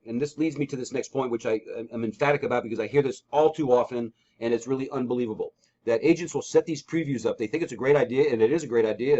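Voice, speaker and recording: A man's voice: mid-range voice, darkish tone. A man giving an emphatic coaching talk on a training call, repeating key points and acting out sample scripts. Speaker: real estate trainer. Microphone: call recording. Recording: dull lo-fi call audio.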